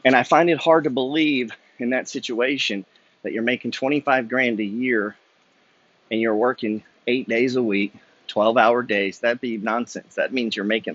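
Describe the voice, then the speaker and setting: A man's voice: mid-range voice, husky, no echo, muffled recording. A man ranting bluntly and profanely while walking city streets, preaching a motivational walk-and-talk monologue. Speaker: vlogger. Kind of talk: walking-and-talking motivational rant.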